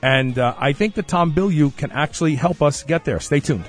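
A man's voice: a little high, moderate pace, over loud music. A middle-aged man hosting an interview, talking with enthusiasm and leading into a break. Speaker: host. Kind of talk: radio-style interview hosting.

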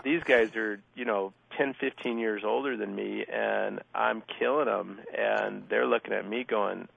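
A man's voice: lowish voice, steady tone, measured pace, gravelly, dry recording. A middle-aged former athlete, a guest telling stories in a casual interview and acting out the exchanges he quotes. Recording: dry, phone-like narrow sound.

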